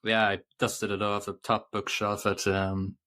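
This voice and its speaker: Man, fairly low voice, casual podcast co-host, rambling movie chat, starts and restarts. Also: completely flat delivery, a little slow, bright, forceful tone. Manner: rambling, self-interrupting, reads quotes aloud.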